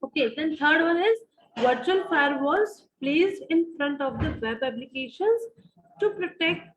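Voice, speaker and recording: A woman with an Indian English accent gives an online university lecture in a high voice, filling her sentences with "uh", repeating phrases and quizzing her students. The sound is a bit dull and lo-fi, as from a video call. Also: expressive, a little slow, crowd noise. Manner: repeats phrases, many fillers, asks the class questions.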